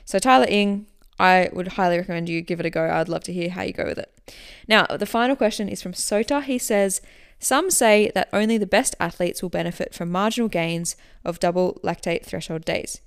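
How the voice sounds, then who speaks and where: A woman hosting a podcast, answering listener questions in a relaxed, chatty way that explains as she goes. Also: fairly low pitch, brisk, clean tone. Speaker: running coach and podcast host.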